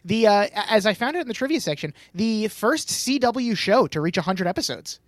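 Brief: young male podcast host, high-pitched, dry close mic, rambly and chatty. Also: expressive, dry recording. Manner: chatty, quick to laugh, rambling restarts. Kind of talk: casual recap chat.

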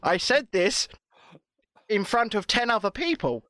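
A British man telling a story in casual, animated chat, swearing often. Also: high-pitched, unhurried, no room sound, clean studio sound. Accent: British English.

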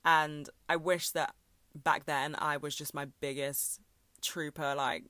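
A woman's voice: deep voice, flat delivery, takes it slowly, sharp tone, dry recording. A young woman hosting a solo podcast, talking candidly and a little rambling, with fillers. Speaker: podcast host. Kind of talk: reflective solo podcast talk.

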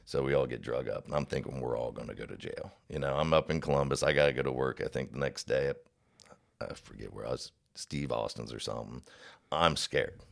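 Super deep gravelly guy, folksy rambling storyteller, casual podcast chat. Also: brisk. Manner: rambling, folksy storyteller, acts out voices in his anecdotes.

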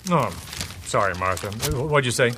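A man's voice: medium pitch, animated, fairly quick, noisy background, natural voice. An actor playing a friendly, easygoing 1950s family father in a radio drama. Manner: easygoing, laughs often. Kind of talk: 1950s-style radio acting.

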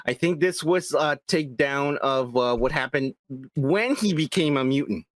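A man co-hosting a podcast in casual chat, swearing a lot and talking excitably, saying he is high. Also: normal speed, dry recording. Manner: profane, animated, excitable. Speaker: podcast co-host.

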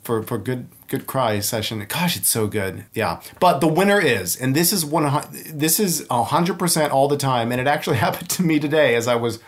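Animated, laughing man telling stories. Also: medium pitch, normal speed, few pauses. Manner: animated storyteller who laughs often and acts out movie lines. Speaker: podcast guest. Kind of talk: casual chat.

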